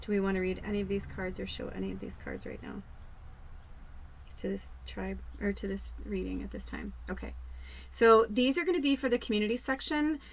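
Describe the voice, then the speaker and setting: A woman, a psychic medium, giving a casual spiritual card reading in a rambling, animated way that keeps dropping into hushed asides. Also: medium pitch, a little fast, creaky, a little hiss or hum, poor audio.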